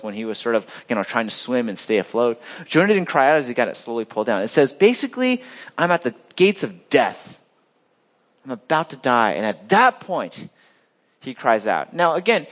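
A man preaching a sermon as pastor of his church, swinging between loud emphatic lines and quiet low asides.

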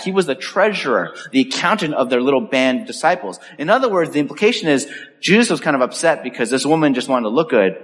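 A male pastor preaching a sermon in an animated way, acting out the voices he quotes. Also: medium pitch. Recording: echoey hall with long reverb.

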